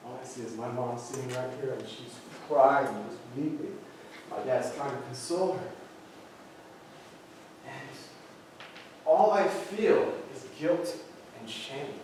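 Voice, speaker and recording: A man in his thirties, a motivational speaker, tells a personal story to high school students in an earnest way. He uses dramatic pauses, and his voice often sinks low and quiet. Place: large school hall. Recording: echoey hall, distant mic, faint hiss.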